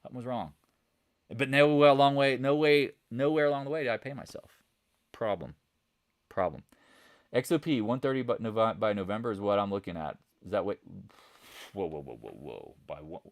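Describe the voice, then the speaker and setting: A man hosting a live stock market chat, coaching viewers with lots of rhetorical questions in an animated, casual way. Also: mid-range voice, fast talker. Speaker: trading channel host.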